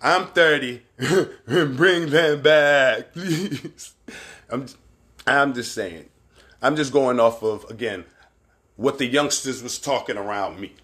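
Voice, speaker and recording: A man with a Barbadian accent hosts a livestream show, giving casual commentary that is candid and heavy on profanity. He rambles between points and shouts out viewers by name, speaking slowly at a medium pitch.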